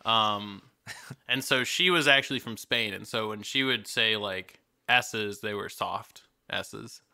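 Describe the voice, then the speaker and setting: A man's voice: lowish voice, takes it slowly, vocal fry, pushed and bright. A man co-hosting a casual podcast, rambling with lots of "like"s, casual swearing and sarcasm. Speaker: podcast co-host. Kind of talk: casual chat.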